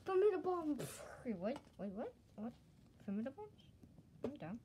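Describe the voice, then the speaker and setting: A woman performing a playful toy skit, excitably switching between character voices. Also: high-pitched, normal speed, noisy background.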